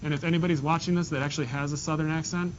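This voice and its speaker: Racing along in a fairly high, steady voice, this male math teacher walks students through each step of the problems and drops in joking remarks. It's a classroom lesson, recorded lo-fi and dull, with a faint hiss underneath.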